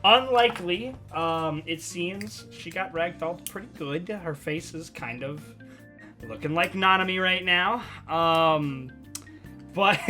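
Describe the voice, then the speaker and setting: A man hosting an anime reaction, talking casually and excitably, swearing freely and laughing often. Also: high-pitched, takes it slowly, faint music behind. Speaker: anime reaction channel host.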